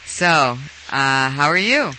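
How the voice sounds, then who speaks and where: A man's voice: fairly high pitch, sing-song, slow, sharp tone, a little hiss or hum, rough recording. A man hosting a casual call-in chat from a studio, teasing and playful. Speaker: host. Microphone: studio mic.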